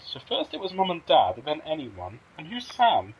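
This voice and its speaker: A man's voice: on the high side, wildly swooping pitch, moderate pace, husky, dull audio. A man casually commenting while he plays and streams a game, thinking aloud and reacting as he explores. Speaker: let's play streamer.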